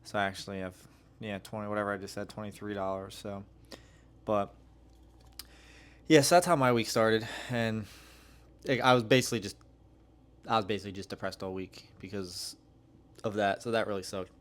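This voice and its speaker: A man rambles through stories on his solo podcast in a lowish voice. He talks in loose, slangy runs full of swearing and filler. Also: fairly even intonation, normal speed. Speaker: podcast host. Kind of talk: casual solo podcast rant.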